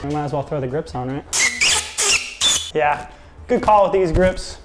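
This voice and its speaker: A man's voice: on the high side, expressive, slow, heavy background noise. A man putting on a hammy, cheerful Irish accent as a jokey bearded builder. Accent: put-on Irish. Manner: playful, jokey sales patter. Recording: reverberant room, faint music.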